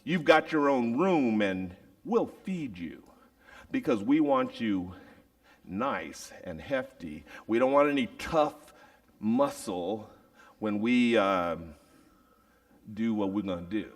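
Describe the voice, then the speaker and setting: A man's voice: fairly low pitch, lively intonation, takes it slowly, distant mic. A man preaching a storytelling sermon in a theatrical way, with sound effects and acted voices.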